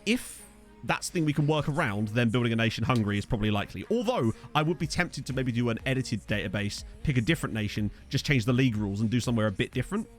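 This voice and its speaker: Soft music plays behind a game streamer whose mid-range voice is expressive and fast. He's worn out, chatting casually through a let's-play as he answers viewers, rambling with self-deprecating humor and many fillers.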